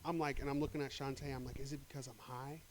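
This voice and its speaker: A man of middle pitch hosts a loose podcast chat. He swears freely and jumps into animated impressions of scenes from shows he has watched. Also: quick pace, rough recording. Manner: profane, animated, acts out quotes. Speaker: podcast host. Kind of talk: casual chat.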